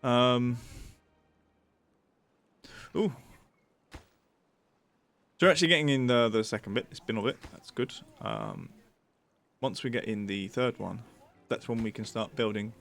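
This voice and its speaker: A man's voice: medium pitch, measured pace, creaky, long pauses, a bit bright, faint music behind. A man streaming a city-building game, talking to himself in a casual, muttering way and sometimes slipping into a silly pirate voice. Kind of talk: casual gameplay commentary.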